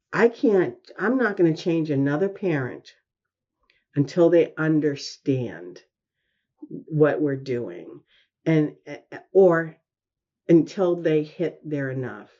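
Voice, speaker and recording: A woman's voice: deep voice, takes it slowly, long pauses, dull audio. A woman, a mother, telling her family's story candidly in an interview, acting out quoted lines with earnest feeling. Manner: earnest, animated retelling with quoted dialogue. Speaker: guest, parent of a son with addiction.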